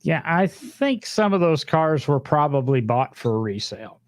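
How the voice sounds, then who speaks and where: A man's voice: a little high, sing-song, measured pace, no room sound, studio quality. A man co-hosting a podcast, chatting casually in a rambling way with fillers and joking asides. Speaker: podcast co-host. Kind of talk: casual chat.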